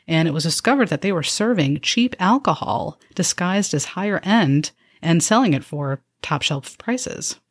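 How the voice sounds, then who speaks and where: A woman's voice: low-pitched, no echo. A woman hosting a podcast, giving scripted narration with dry, wry asides. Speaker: podcast host.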